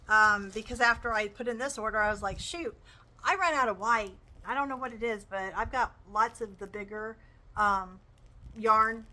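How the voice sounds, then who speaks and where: A woman's voice: medium pitch, bright, forceful tone, poor audio. A woman chatting enthusiastically as she shows off her crochet purchases. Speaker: crochet vlogger. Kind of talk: casual show-and-tell chat.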